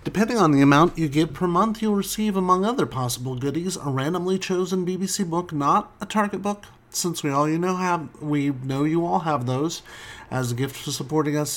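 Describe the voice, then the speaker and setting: A man hosting a podcast in casual chat, self-deprecating and quick to laugh. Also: on the high side. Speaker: podcast host.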